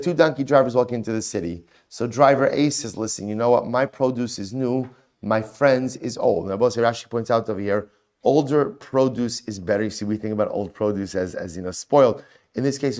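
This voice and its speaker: A man teaching a Talmud class, animated, asking and answering his own questions and mixing Hebrew and Aramaic terms into his English. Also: medium pitch.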